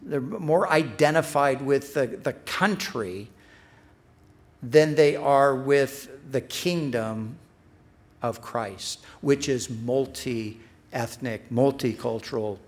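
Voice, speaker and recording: Middle-aged man, pastor giving a sermon, earnest, stresses repeated phrases, mid-pitched voice. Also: takes it slowly.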